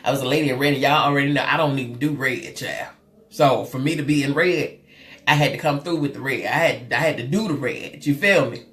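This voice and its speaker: A woman hosting a casual live stream, talking to viewers in a lively, chatty way and calling them girl and honey, with big swings in pitch. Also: fairly quick. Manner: loud, expressive swings in pitch. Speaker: live show host and therapist.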